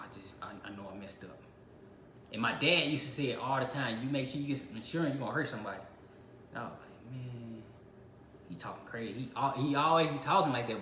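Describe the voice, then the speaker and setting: A man's voice: medium pitch, a bit bright. A young man from Illinois telling a casual personal story on his channel, acting out his own reactions. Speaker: channel host. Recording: echoey room with faint noise.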